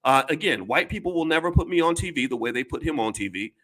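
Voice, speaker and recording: A man's voice: fairly high pitch, animated, quick pace, a bit bright. Blunt, emphatic man on camera. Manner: blunt, emphatic, profane, often repeats and restarts words. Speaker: commentator addressing his audience. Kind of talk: casual commentary to camera.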